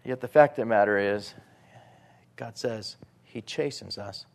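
A man preaching a sermon, animated, moving between loud emphatic lines and quiet asides. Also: lowish voice, unhurried, creaky.

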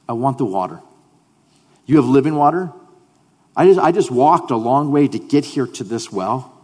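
A man of middle pitch preaches a sermon, restarting his phrases with repeated words and dropping from punchy emphasis to near-hushed lines. His voice carries a long reverb, as if it fills a big hall. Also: expressive, moderate pace, long pauses, husky. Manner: stammering restarts, swings between loud emphasis and hushed delivery. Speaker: pastor.

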